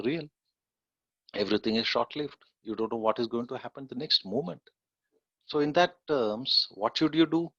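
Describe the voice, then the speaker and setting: A man's voice: mid-range voice, a bit bright, no echo. A middle-aged man with an Indian English accent gives an earnest lecture with a personal story, often checking in with the listeners. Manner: earnest, often checks in with "okay?" and "you know". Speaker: guest lecturer. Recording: dull dry lo-fi audio.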